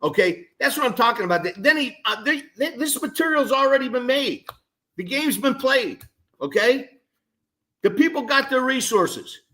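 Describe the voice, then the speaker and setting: A former college football player speaks as a guest on a sports talk show. He argues bluntly and emphatically, often stumbling over repeated words. His voice is bright and sits fairly high. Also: lively intonation, moderate pace.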